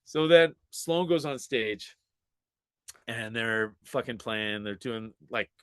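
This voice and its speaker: A man's voice: mid-range voice, slow, smooth, no room sound. A man in his forties, a podcast guest telling a story in casual chat, swearing freely, laughing often and acting out what people said. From Canada. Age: 40s.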